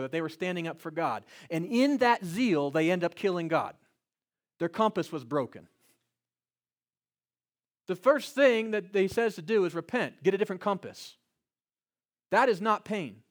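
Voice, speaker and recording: A man delivers a sermon in a relaxed, conversational way. He keeps checking in with rhetorical questions and climbs to emphatic peaks. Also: high-pitched. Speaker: pastor.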